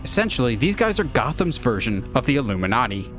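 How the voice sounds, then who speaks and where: A man narrating a movie pitch in an enthusiastic, animated way. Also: fast, music in the background. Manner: animated, lively.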